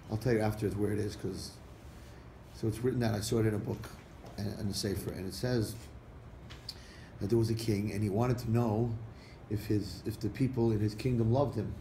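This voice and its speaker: A man, a rabbi, telling a parable to an audience and acting out the characters' lines with lively shifts. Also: lowish voice, brisk. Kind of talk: storytelling talk to an audience. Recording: echoey room recording with faint background noise.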